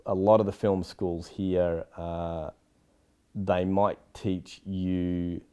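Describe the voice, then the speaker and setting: A man's voice: sits low, level tone, very slow, dark tone, smooth. An Australian man, a film director, giving frank, rambling interview answers with many asides. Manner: rambling, frank, lots of "you know".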